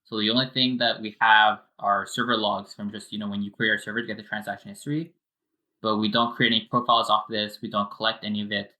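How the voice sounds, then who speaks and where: Brief: male guest developer, bright and tense tone, lowish pitch, explains features step by step with frequent fillers. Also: little pitch movement, fast talker, low-quality recording. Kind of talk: casual technical explanation.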